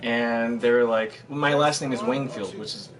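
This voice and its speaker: A man's voice: medium pitch, unhurried, a crowd in the background. A young man streaming a game, chatting casually and telling rambling stories with laughs and fillers. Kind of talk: casual chat. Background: game music.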